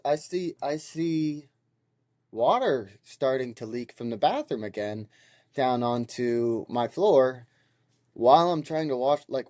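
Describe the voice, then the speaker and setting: A man's voice: medium pitch, dry recording, clean studio sound. A young man in his twenties, hosting a podcast and telling a heated, profane story in a casual monologue. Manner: heated, profane, animated retelling. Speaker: podcast host.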